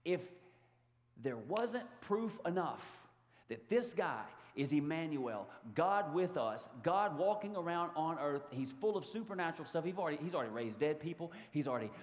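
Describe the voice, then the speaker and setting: A man preaching a sermon to his congregation, animated and given to sudden loud outbursts. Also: a little high, moderate pace. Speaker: pastor. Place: church sanctuary. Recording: long hall reverb.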